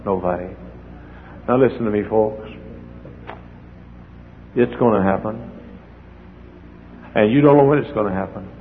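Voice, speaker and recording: An older man preaching a sermon as the pastor, swinging from hushed asides to near-shouts as he acts out the people in his stories. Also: fairly low pitch, a little slow, long pauses. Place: church hall. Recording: dull echoey hall with faint noise.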